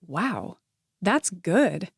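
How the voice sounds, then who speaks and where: A curious young woman, quick with questions and a little guarded, as a woman narrator voices her. Her voice sits a touch higher and livelier than the narration, close and dry. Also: sing-song, creaky, slightly rough, no echo, heavily acted. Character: young woman, bright, curious, a bit wary.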